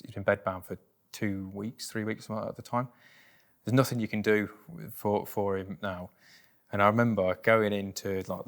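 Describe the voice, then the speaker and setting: Low-voiced British man telling a story. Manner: plain-spoken, lots of fillers and restarts. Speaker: interview guest. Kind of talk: candid personal storytelling.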